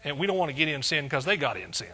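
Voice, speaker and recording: A male pastor delivers a sermon in a conversational way, often asking his congregation questions. His voice sits a little high and sounds bright and forward. It has a husky, gravelly grain. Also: sing-song, racing.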